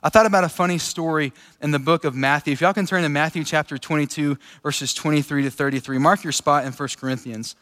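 A man with a high voice delivers a loose, conversational sermon, chatty and quick to laugh. His words ring out with a long reverb, as if in a big hall with an audience. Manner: relaxed, chatty, laughs easily. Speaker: preacher. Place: large room with an audience.

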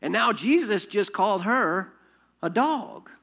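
Animated storytelling pastor, man. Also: sits high, unhurried. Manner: animated storytelling with frequent restarts and rhetorical questions. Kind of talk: sermon.

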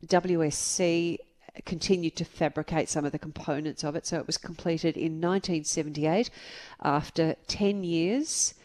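A woman's voice: low voice, steady tone, moderate pace, darkish tone. A woman co-hosting a podcast, telling stories in a chatty way and reading out listener messages. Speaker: podcast co-host. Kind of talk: casual podcast chat.

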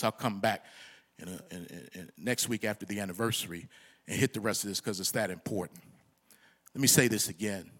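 A male pastor preaching in church with a high, bright voice that leaps all over the place. He climbs into near-shouts and then sinks to low, hushed asides. The delivery is lively and full of dramatic swings. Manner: preaching with big swings between loud shouts and low murmurs. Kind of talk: sermon. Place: church sanctuary.

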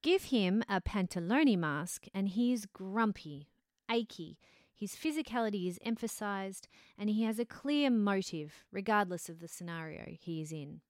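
Woman teacher talking drama in a steady explainy way, dead dry sound. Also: medium pitch, dry recording. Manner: measured, explanatory. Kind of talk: scripted-sounding interview answers.

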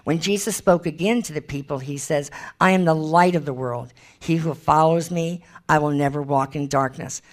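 Chatty woman teaching from the Bible. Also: low voice. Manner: chatty, emphatic, thinks aloud while finding verses.

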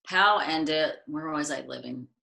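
Low-voiced woman telling stories. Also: a little slow, vocal fry. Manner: chatty, acts out quotes with animated voices. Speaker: interview guest. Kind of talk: casual interview storytelling.

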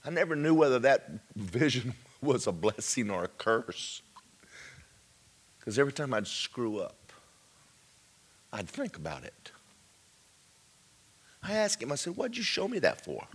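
A man preaching a testimony sermon, jumping from high loud cries to hushed whispers. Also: very animated, unhurried, long pauses, husky.

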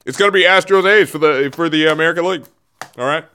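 A man's voice: a little high, quick pace, sharp tone, clear, resonant tone. A man hosting a short sports show, rambling and sarcastic as he comments, often repeating himself.

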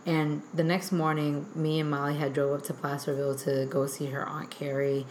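Low-voiced young woman telling a story. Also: little pitch movement, normal speed, darkish tone, a little hiss or hum. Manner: rambling, lots of filler "like". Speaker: guest artist. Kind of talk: animated storytelling in casual chat. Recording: echoey room.

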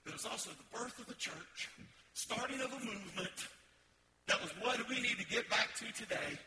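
A man preaching a sermon as a pastor in a church, building to emphatic, forceful stretches. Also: high voice, very noisy. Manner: emphatic preaching with rising bursts of intensity. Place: church sanctuary.

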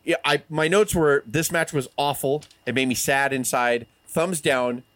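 A man's voice: on the high side, unhurried, fairly bright tone, dry recording. A man in his forties co-hosting a casual wrestling review podcast, talking in a profane, opinionated way. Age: 40s. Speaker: podcast co-host.

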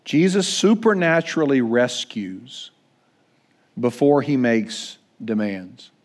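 A man's voice: mid-range voice, animated, slow. A man preaching a sermon as pastor, earnest and conversational, with frequent restarts. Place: church.

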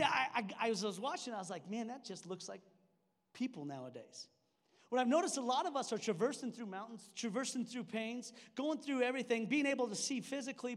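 A young man preaching a sermon in church, conversational and joking, with frequent restarts. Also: high voice. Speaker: pastor. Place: church sanctuary. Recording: long hall reverb.

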